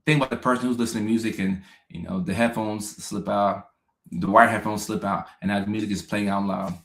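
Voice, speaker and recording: A man's voice: fairly low pitch, steady tone, brisk, vocal fry, a bit bright. Laid-back man chatting in an echoey room. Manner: chatty and laid-back, laughing often, repeating phrases. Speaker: host. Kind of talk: casual livestream chat reading viewer comments. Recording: roomy echo.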